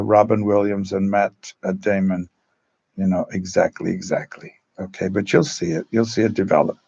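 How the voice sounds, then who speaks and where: Gravelly low-voiced man telling stories. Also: darkish tone, muffled recording. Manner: rambling, halting, acts out quotes in changed voices. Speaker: drama teacher. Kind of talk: storytelling, casual talk.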